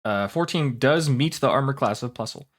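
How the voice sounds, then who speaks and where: A man's voice: medium pitch, expressive, moderate pace. A man narrating as game master of a tabletop game, talking casually with plenty of fillers.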